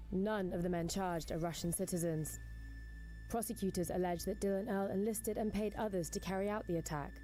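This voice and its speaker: A woman narrating a scripted news report in a measured, even delivery. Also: medium pitch.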